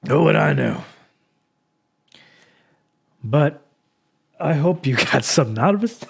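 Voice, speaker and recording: A man's voice: a little high, lively intonation, slow pace, vocal fry, husky. A man hosting his own podcast, talking rawly and heartfeltly after crying, with sighs and pep-talk encouragement. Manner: raw, heartfelt, motivational, with sighs. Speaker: podcast host. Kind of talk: emotional solo podcast talk.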